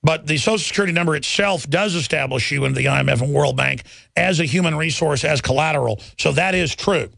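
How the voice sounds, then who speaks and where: Man, talk radio host, fiery rant, very gravelly voice, dry close studio sound. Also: fairly high pitch, fast, fairly bright tone, no room sound. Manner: fiery, ranting, intense. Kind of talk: radio talk show monologue.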